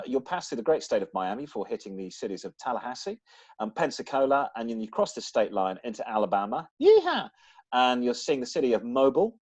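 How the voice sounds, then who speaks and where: A man's voice: on the low side, slightly rough, no echo, highs cut off. A man co-hosting a casual car podcast, reading listener emails with jokey asides. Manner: jokey, animated, throws in quips and silly asides. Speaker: podcast co-host.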